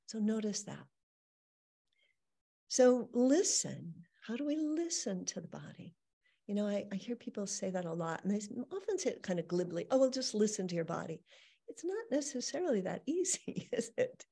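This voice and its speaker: A middle-aged woman healing coach giving a gentle, reflective teaching talk, sometimes acting out soft inner dialogue. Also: mid-range voice. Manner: gentle and warm-hearted, playfully acts out inner dialogue. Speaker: healing coach, podcast host.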